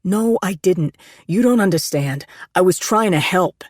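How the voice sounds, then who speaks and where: A woman's voice: fairly low pitch, expressive, a little slow, no echo, clean studio sound. A woman voicing a desperate man who pleads urgently and insistently in a storybook reading. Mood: pleading. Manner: urgent, raised, pleading delivery.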